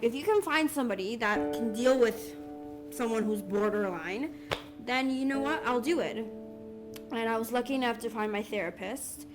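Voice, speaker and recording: Young woman, fairly high voice, earnest and halting testimony, music bed behind her. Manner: earnest, halting, with many fillers and restarts. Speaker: interviewee sharing her story. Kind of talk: candid personal testimony.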